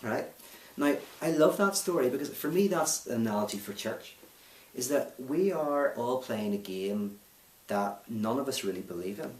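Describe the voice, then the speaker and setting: A man's voice: mid-range voice, lively intonation, normal speed, darkish tone. A Northern Irish man being interviewed, telling a story and making a challenging, emphatic case. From Northern Ireland. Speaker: speaker and author, interview guest. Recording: roomy, distant mic.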